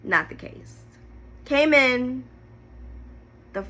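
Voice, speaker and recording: A woman's voice: medium pitch, slow, long pauses, a little hiss or hum. A young woman candidly telling an emotional personal story to camera, holding back tears at times. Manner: emotional, candid, animated retelling. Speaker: storyteller vlogger.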